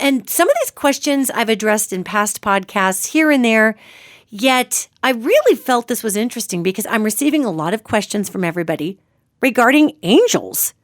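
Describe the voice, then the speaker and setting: A woman's voice: fairly high pitch, dry recording, clean studio sound. A middle-aged woman hosting a solo podcast, talking earnestly and chattily to her listeners. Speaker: psychic podcast host.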